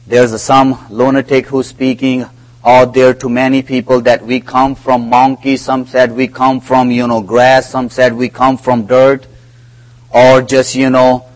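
A man delivering a sermon at a slow, measured pace. His phrasing is non-native and deliberate, and he lowers his voice when he recounts conversations. His pitch sits in an ordinary middle range. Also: poor audio. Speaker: preacher.

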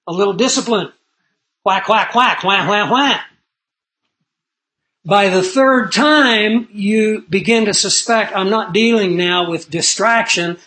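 In a rough recording, a middle-aged man preaches a sermon as earnest storytelling, swinging between loud emphasis and low asides.

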